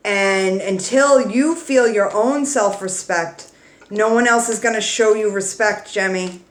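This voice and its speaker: A woman's voice: mid-range voice, unhurried. Woman doing a tarot reading, talks straight and swears a bit, gets real emotional, echoey room. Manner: blunt, swears freely, pep-talk tone; emotional, warm and affectionate toward viewers. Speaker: tarot reader. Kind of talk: casual tarot reading to camera.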